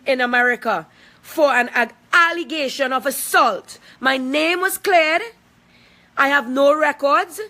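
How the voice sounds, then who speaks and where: A woman in her forties records a heated personal video, talking in a high, sharp, bright voice. She is confrontational and emphatic, driving each point home by repeating it. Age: 40s. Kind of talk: angry personal video statement.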